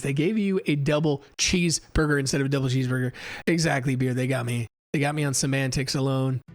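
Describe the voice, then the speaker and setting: A young man streaming live, telling an animated, profane story and reading chat. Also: on the high side. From United States. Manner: animated and profane, acts out heated exchanges.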